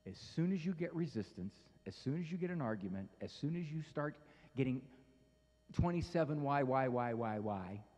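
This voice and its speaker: A man giving a humorous parenting talk to an audience, telling stories with lively voices. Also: medium pitch, moderate pace, long reverb tail. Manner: animated storytelling, acts out voices. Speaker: speaker on parenting.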